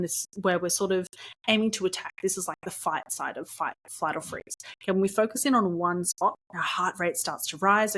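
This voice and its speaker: A young adult woman hosting her own podcast, telling a story in a chatty, animated way, laughing often and dropping in lots of ums. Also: fairly low pitch. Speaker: podcast host. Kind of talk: casual storytelling monologue.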